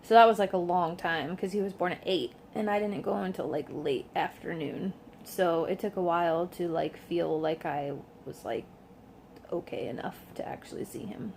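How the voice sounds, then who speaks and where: A young woman's fairly low, creaky, slightly mellow voice carries at a moderate pace, with a little hiss or hum behind it. Vlogging from home, she tells a story to camera in a chatty way, saying "like" nonstop and acting out what others said.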